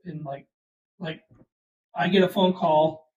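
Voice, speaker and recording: A man with a high voice jokes and teases in relaxed podcast talk, often stumbling over his punchlines. He sits a little away from the microphone. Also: takes it slowly, distant mic, lo-fi sound. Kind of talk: casual chat.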